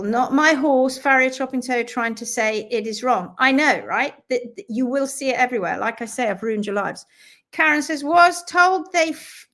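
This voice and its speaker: A woman hosting a live stream, chatting casually as she greets viewers and reads out their comments. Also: a little high. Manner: lively and talkative, with quick asides. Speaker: host of a live stream on hoof care.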